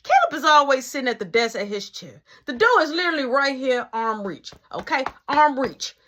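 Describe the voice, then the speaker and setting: A young woman telling a storytime vlog story, animated, acting out scenes with whispered dialogue. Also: sits high, moderate pace, slight background noise.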